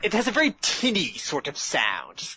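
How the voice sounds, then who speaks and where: A man's voice: a little high, wildly swooping pitch, moderate pace, pushed and bright, a little hiss or hum. A man narrating a story aloud in a casual way, dry and pedantic, bantering in between. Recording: muffled lo-fi audio.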